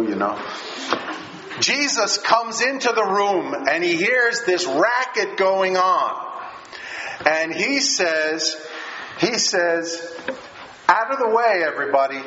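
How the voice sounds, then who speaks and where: Emphatic high-voiced male preacher. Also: pushed and bright. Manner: earnest, emphatic, with repeated phrases and pauses. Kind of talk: sermon. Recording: echoey room, dull lo-fi sound with faint hiss.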